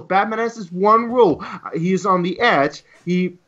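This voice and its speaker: A man's voice: high voice, moderate pace, hardly any pauses. A man co-hosting a podcast, ranting heatedly with a lot of swearing. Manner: heated, profane, animated ranting. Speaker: podcast co-host. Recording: lo-fi dull sound.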